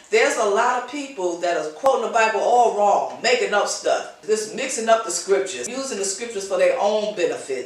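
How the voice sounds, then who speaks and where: A woman hosting her own show, giving an informal preaching talk with passionate, repetitive exhortation. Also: fairly low pitch. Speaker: host. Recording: very echoey, voice distant from mic.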